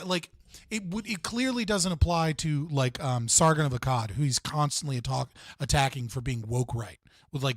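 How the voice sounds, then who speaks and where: A man's voice: mid-range voice, dry recording, clean studio sound. A man hosting a live stream, casually reacting to clips in a rambling way with lots of fillers and frequent laughs.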